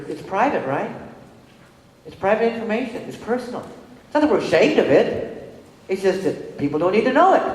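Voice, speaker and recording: Middle-aged woman speaker, lively storyteller who acts out each quote, echoey hall sound. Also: on the low side. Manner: animated, acts out dialogue in quoted voices. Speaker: speaker on disability inclusion. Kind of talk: storytelling presentation.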